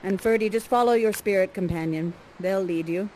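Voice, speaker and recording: A woman's voice: medium pitch, brisk, dark tone, a little hiss or hum, rough recording. A woman acting as guide and father figure in improvised interactive theatre, chatty, playful and encouraging. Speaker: actor guiding players as Prospero.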